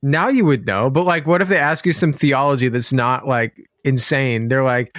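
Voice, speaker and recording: A woman's voice: a bass voice, normal speed, hardly any pauses, dry recording, clean studio sound. A young woman co-hosting a podcast in casual chat, a playful storyteller who acts out the conversations she retells. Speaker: podcast co-host.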